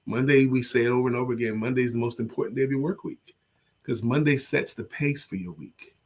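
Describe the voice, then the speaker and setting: A man with a middle-pitched voice co-hosts a casual motivational show. He sounds worn out and low on energy from an illness, and he talks slowly and softly. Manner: slow, tired, soft-spoken. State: sick, low energy, recovering from covid. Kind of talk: casual chat.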